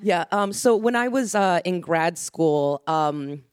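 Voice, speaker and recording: A woman's voice: fairly low pitch, lively intonation, takes it slowly, clear, resonant tone, no room sound, soft background music. A middle-aged woman from Mexico, an orchestra conductor on a discussion panel, telling a story animatedly and acting out the voices in it.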